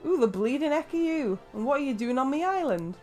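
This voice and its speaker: A grumpy, curt fisherman with an English accent, as a woman puts him on. He grumbles in a gruff and slangy way, brushing people off. Soft game music plays faintly behind. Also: high-pitched, animated, fairly quick, pitched above the performer's own voice. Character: grumpy, brusque male island fisherman.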